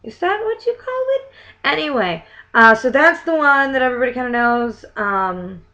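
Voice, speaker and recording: A woman's voice: high voice, big pitch swings, normal speed, pushed and bright. A young woman vlogger in a casual chat, reading limericks aloud in a theatrical sing-song way and dropping to muttered asides between them.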